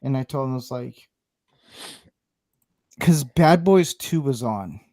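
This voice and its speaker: A man's voice: mid-range voice, lively intonation, takes it slowly, warm tone, dry recording, studio quality. A man hosting a casual talk show, rambling and searching for words. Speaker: podcast host. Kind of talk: casual chat.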